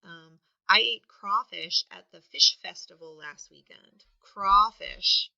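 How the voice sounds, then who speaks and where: Woman teacher, spelling lesson, sounds words out loudly, bright tense voice, slightly low pitch. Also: unhurried, creaky. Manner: patient, sounds words out and stresses them loudly. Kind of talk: slow, deliberate spelling lesson. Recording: dull lo-fi recording.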